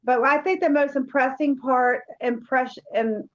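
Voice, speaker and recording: A woman's voice: high voice, steady tone, moderate pace. A woman paranormal investigator telling a rambling story in casual chat. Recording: dull lo-fi sound.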